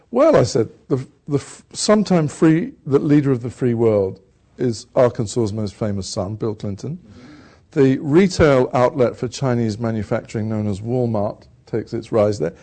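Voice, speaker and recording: An older British man, an actor from England, telling rambling, self-deprecating stories in a relaxed conversation. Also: medium pitch. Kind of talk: conversational storytelling.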